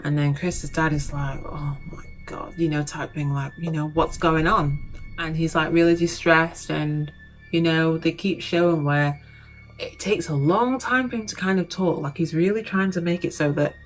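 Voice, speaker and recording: A woman's voice: low voice, steady tone, moderate pace, soft background music, poor audio. A young woman casually retelling a documentary on her channel, chatty and full of you-knows, acting out the quotes. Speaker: YouTuber.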